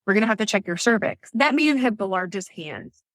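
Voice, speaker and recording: Animated woman telling her birth story. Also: medium pitch, fairly quick, dry recording. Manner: animated storytelling, acts out quotes. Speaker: podcast guest.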